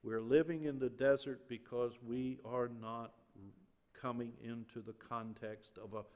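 A man preaching a sermon as pastor, swinging between loud and quiet passages. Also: medium pitch, steady tone, measured pace. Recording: long reverb of a large hall.

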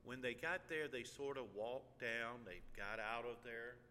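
An older man preaching a sermon as a pastor, telling a personal story with halting restarts and sudden high, loud bursts of feeling. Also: big-room sound, a little hiss or hum. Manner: animated storyteller, jumps high and loud when angry or excited.

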